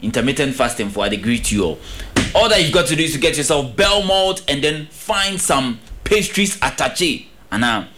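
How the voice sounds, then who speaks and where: A young man with a Ghanaian accent hosts a radio sports slot in a middle-pitched voice. He is upbeat and playful, and he runs his ad reads as salesman patter, repeating lines for effect. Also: lively intonation, moderate pace, noisy background. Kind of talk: radio sports update with live ad read.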